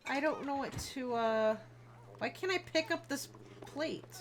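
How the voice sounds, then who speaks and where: A woman's voice: high-pitched, slow, a bit bright, poor audio. A young woman live-streaming a game, chatting casually, reacting to what happens on screen and answering her chat. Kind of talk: casual gameplay commentary.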